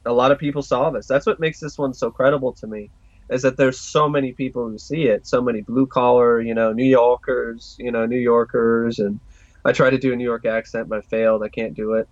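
A man co-hosting a podcast, chatting in a relaxed, easygoing way. The recording sounds dull, dry and lo-fi. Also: medium pitch, fast talker, no room sound. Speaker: podcast co-host. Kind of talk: casual podcast chat.

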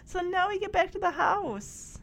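A woman casually recapping a TV episode, gushing and excitable as she retells scenes and quotes the characters. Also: extremely high pitch, a little slow. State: tearing up.

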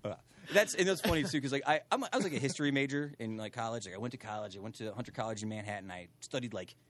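A man's voice: mid-range voice, very fast. A man chatting as a podcast guest in a studio, rambling and saying like a lot. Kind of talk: casual chat.

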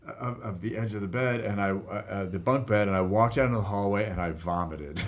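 A man telling a personal story in casual talk, animated, laughing at times and swearing freely. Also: lowish voice, fairly quick. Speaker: guest telling a life story.

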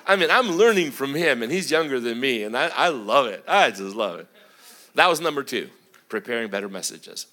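In a brisk sermon, a middle-aged guest preacher weaves in plenty of stories. He moves animatedly from loud, booming lines to hushed ones.

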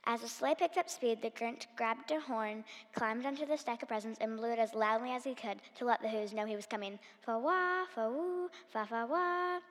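A woman's voice: on the high side, fairly quick, hardly any pauses. Woman reading a story in a hall. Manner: expressive, animated reading. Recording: long hall reverb.

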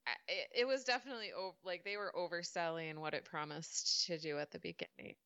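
Bright-voiced chatty woman, muffled mic. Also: fairly low pitch, a little fast, clear, resonant tone, no room sound. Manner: chatty, uses "like" a lot, laughs often. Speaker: podcast co-host. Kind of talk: casual chat. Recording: slightly muffled dry mic.

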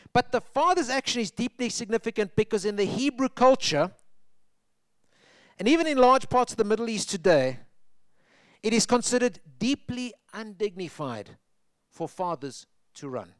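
A man's voice: high voice, no echo. A man preaching a sermon, telling a story and acting out the characters' words with rising emphasis.

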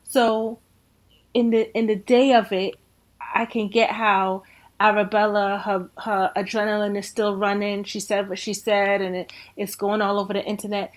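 A woman co-hosting a podcast in casual chat, halting and restarting as she voices her frustration. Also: mid-range voice, level tone. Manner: hesitant, halting, restarts when heated. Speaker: podcast co-host.

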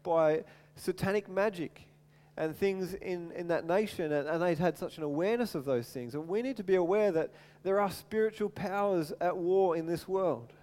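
A man preaching a sermon as animated storytelling, acting out voices and often repeating words, in a large hall with long reverb. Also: high-pitched, moderate pace.

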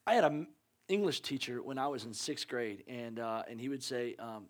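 A man's voice: mid-range voice, moderate pace. A man preaching a conversational sermon as a pastor, earnest and urging, repeating his points with joking asides.

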